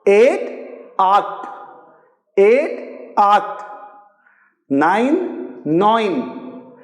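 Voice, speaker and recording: A woman with an Indian English accent teaching a slow classroom lecture. She repeats each point as a drill and keeps checking with "okay?" while writing on a board. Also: mid-range voice, big pitch swings, a little mellow. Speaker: language teacher. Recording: echoey room.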